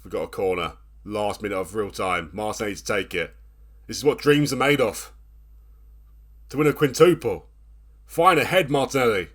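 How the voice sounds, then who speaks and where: A man in his thirties commentating his own football management game, swinging between nervous groans and excited shouts. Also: lowish voice, moderate pace, pauses often. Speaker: gaming channel host. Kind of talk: let's play commentary.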